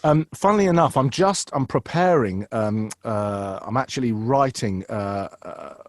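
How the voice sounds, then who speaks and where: A man's voice: medium pitch, unhurried, dry recording, clean studio sound. A man who works as a voice actor and impressionist, chatting animatedly in an interview and slipping into voices. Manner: animated, drops into voices mid-sentence; many fillers and restarts. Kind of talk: casual interview.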